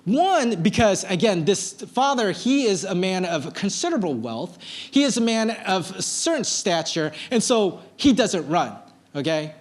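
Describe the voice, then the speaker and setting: A male pastor preaching a sermon, telling a personal story in a casual, animated way with plenty of filler words. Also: sits high, unhurried. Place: church service.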